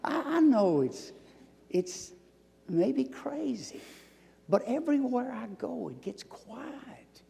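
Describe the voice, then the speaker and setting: Southern man in his sixties, lecture storyteller, drops to hushed asides, gravelly voice in a reverberant hall. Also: extremely high pitch, big pitch swings, slow. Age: 60s. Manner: storytelling, swings from loud emphasis to near-whispers. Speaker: guest lecturer. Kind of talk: public lecture answering audience.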